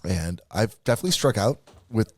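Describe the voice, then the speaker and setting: A man's voice: fairly low pitch, lively intonation, brisk, darkish tone, slightly rough, no room sound. A man co-hosting a podcast, chatting casually with a wry, teasing manner. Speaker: podcast co-host. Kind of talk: casual chat.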